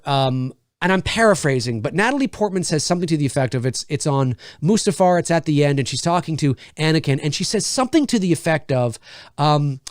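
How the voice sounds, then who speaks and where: A man talks through a film review in a casual, thinking-aloud way, often restarting his sentences mid-thought. His voice sits a little high for a man and moves through a wide, animated pitch range. The sound is close and dry, with no room around it. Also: dry recording.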